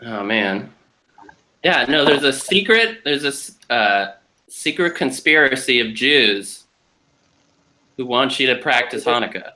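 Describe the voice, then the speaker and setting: A young man chatting on a group video call, joking and swearing in an animated way. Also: mid-range voice, slow, pauses often, low-quality recording. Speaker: group chat host.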